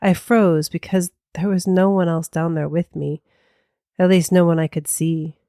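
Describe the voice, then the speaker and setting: A woman with a lowish voice co-hosts a paranormal podcast and narrates spooky tales slowly and dramatically. Her voice is dry and close, with no room around it. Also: steady tone, no echo. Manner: slow, hushed, dramatic storytelling. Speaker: podcast co-host and storyteller.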